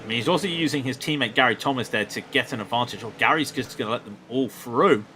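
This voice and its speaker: A man's voice: medium pitch, background noise. A young man commentating a sim race in a chatty, bantering way. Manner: chatty, bantering, quick asides.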